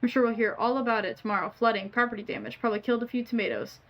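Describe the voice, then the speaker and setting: A woman streamer reading game dialogue aloud with playful asides, her voice a bit hoarse. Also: on the high side, steady tone, racing, dull audio. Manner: reads lines in character, playful asides.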